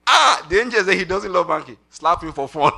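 A middle-aged Nigerian man preaching a sermon with animated delivery, slipping into pidgin asides and laughing. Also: high voice, a little fast, gravelly.

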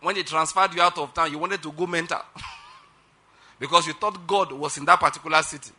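Fervent preacher. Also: male voice, on the high side, fairly even intonation, moderate pace, slightly rough. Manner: fervent, loud declarations led for the congregation to repeat; drops to soft, quiet guidance during prayer. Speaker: pastor. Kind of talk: sermon.

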